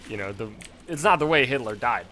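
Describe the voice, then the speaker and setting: Young male game streamer, mid-pitched, loose rambling delivery full of fillers, faint typing noise in the background. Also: expressive, brisk, bright, forceful tone. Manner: rambling, many fillers and restarts. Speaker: gaming streamer. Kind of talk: casual commentary while playing.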